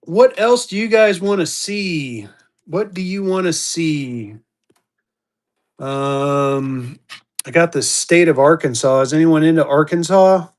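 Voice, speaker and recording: A man's voice: a little high, takes it slowly. A man selling banknotes in a live-stream auction, with hyped, repetitive auctioneer patter.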